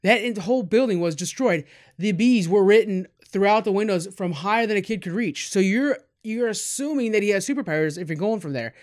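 A man giving a casual, candid film review, rambling with asides and self-corrections. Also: high-pitched. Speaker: movie reviewer.

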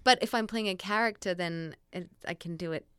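Young woman, Australian accent, low-ish smooth voice, chatty with many fillers, dry close mic. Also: fairly quick, fairly bright tone, no room sound. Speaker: guest actress. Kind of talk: casual interview chat.

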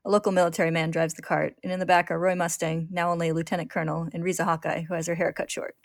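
A woman host narrating a story recap in a lively storytelling manner. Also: fairly low pitch, very fast, vocal fry, dry recording, clean studio sound. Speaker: podcast host.

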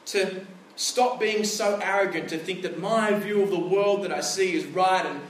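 A man in his thirties, a pastor, delivering a sermon in a conversational, storytelling way with animated asides. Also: high voice, normal speed, a little hiss or hum. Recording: echoey room, picked up from a distance.

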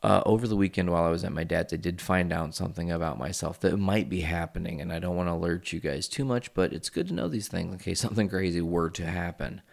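A man in his thirties talks straight to his audience in a deep voice with a rough, creaky edge. His stories ramble and wander, full of swearing and casual asides, as if chatting with friends. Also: fast talker, hardly any pauses. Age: 30s. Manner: rambling, profane, confessional. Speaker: vlogger. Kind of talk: casual storytelling vlog.

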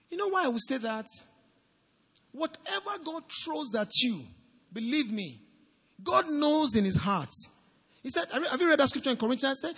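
A man preaching a sermon as pastor, swinging from shouts to low, quiet lines. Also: normal speed, pauses often, in a large hall. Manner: animated preaching, rising to shouts and dropping low.

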